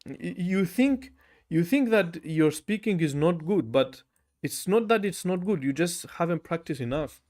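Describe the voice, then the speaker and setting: A man's voice: on the high side, expressive, measured pace, a little mellow. Chatty young man with a German accent. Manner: chatty, says bro a lot, laughs often, drills phrases aloud. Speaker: language learner livestreaming. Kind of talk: casual livestream chat reading comments. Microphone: camera mic.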